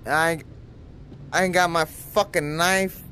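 A man's voice: fairly high pitch, steady tone, a little slow, sharp tone, a little hiss or hum. Drunk man cursing through hiccups. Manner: cursing, frustrated, muttering to himself. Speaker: gamer. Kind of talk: profane gameplay commentary.

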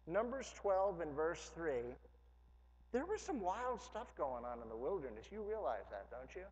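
A man's voice: on the high side, a little mellow. A man preaching a sermon as pastor, conversational with humorous asides, rising to emphatic preaching. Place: church sanctuary. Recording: dull lo-fi church hall recording with long reverb.

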